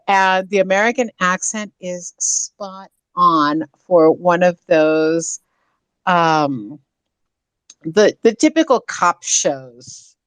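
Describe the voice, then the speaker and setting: A woman on a fan discussion panel, talking things through in an explanatory way with frequent pauses to gather her thoughts. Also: lowish voice, no room sound, low-quality recording. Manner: slow, explanatory, with many uh fillers. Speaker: podcast panelist.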